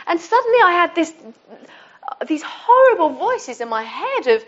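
A woman's voice: very high-pitched, big pitch swings, normal speed. A middle-aged woman giving an informal, conversational sermon to her church. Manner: warm, conversational, with restarts. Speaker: church speaker. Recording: dull lo-fi sound.

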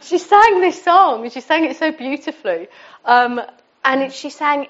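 A middle-aged woman gives her church an informal sermon in a high-pitched, animated voice at normal speed. She's warm and conversational and sometimes restarts her sentences, and the recording sounds dull and lo-fi.

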